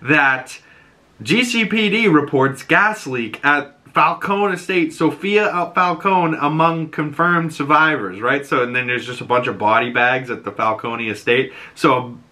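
Animated, bright-voiced male podcast host. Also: a little high, a little slow. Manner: animated, laughing, profane. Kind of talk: casual TV episode recap.

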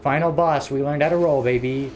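A man's voice: on the high side, steady tone, brisk, darkish tone, soft background music. A man watching a friend play a video game, giving tips and teasing him in casual chat. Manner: coaching, teasing, chatty. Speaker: co-host giving gameplay advice. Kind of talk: casual let's play banter.

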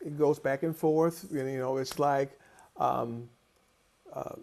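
Slow, gravelly man lecturing. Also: mid-range voice. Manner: animated storyteller, acting out quoted voices. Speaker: choral conductor and lecturer. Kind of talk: conference lecture with personal storytelling.

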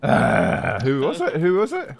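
Excitable sweary gamer man. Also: a little high, a little slow, gravelly. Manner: excitable, swears a lot, calls out loudly. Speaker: squad player. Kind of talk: casual game voice chat.

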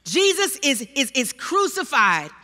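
A woman preacher delivers an animated, self-deprecating sermon and dips into dramatic scripture readings. Her voice sits high and rises and falls a lot. Her stage mic carries a long reverb from a large church hall. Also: unhurried.

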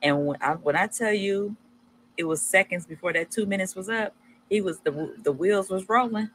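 A woman's voice: medium pitch, moderate pace, slight background noise, poor audio. A woman telling a personal story casually, acting out her own past lines with animation.

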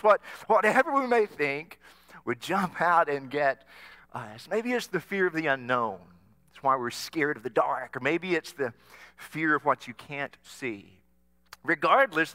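Bright-voiced male pastor preaching in a church. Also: on the high side. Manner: earnest preaching, prompting the congregation to repeat phrases. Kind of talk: sermon. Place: church sanctuary. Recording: long reverb of a church hall.

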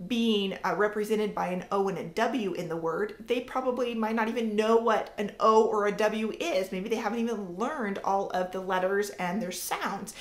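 This homeschool mom, in her thirties, gives a casual to-camera lesson on teaching kids to read, sounding out words as examples. Her voice sits in the mid range, and the recording is reverberant.

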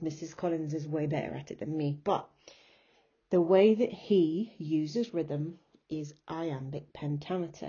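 A woman's voice: low voice, mellow, husky, muffled recording. A woman teacher giving a recorded remote lesson, patiently explaining step by step and chanting rhythms aloud. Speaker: English teacher.

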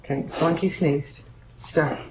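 A woman calmly explaining and demonstrating training drills, speaking plainly with frequent fillers. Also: sits low, takes it slowly, very noisy. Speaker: student and narrator.

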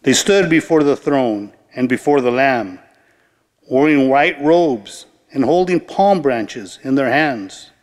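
Slow solemn man reading in church. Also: mid-range voice, lively intonation. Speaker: lector. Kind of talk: liturgical scripture reading. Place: large church. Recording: church with long reverb.

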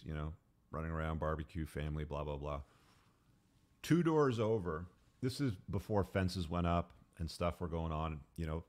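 Give me a man with a lowish voice giving blunt podcast advice. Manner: blunt, forceful, emphatic. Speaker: podcast host. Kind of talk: advice monologue with anecdotes.

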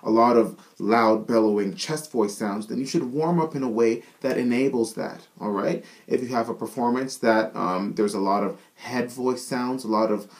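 A man teaching a singing lesson, explaining chest-voice warm-ups in an upbeat way and often checking in with "all right?". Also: mid-range voice, moderate pace, few pauses.

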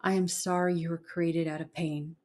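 A woman's voice: on the low side, little pitch movement, moderate pace, darkish tone, natural voice. Woman reading a cursed woman's firm voice. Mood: calm. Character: frightened but defiant young woman under a curse.

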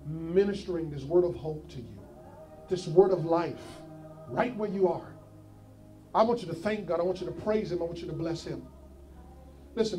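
A man preaching a sermon as pastor, rising from quiet encouragement to shouted pleas with urgent repeated calls. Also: sits high. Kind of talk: sermon with altar call.

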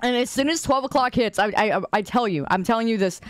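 This woman's voice sits on the high side and moves fast, captured at studio quality with no room sound. As a game streamer talking casually to viewers, she goofs around, rambles, cracks jokes at her own expense, and laughs often.

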